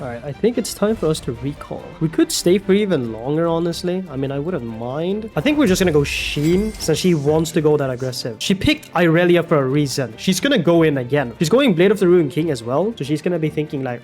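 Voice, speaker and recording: A man's voice: fairly high pitch, animated, fairly quick, darkish tone, soft background music. A man giving casual, playful gameplay commentary, mocking his opponent and swearing often. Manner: playful, mocking, swears, mock-panicked taunting. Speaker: gaming video creator.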